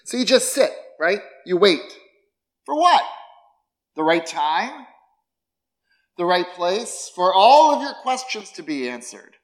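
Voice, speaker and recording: A middle-aged man preaching a sermon as pastor, conversational and expressive, with rhetorical questions and wry asides about himself. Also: high voice, a little slow.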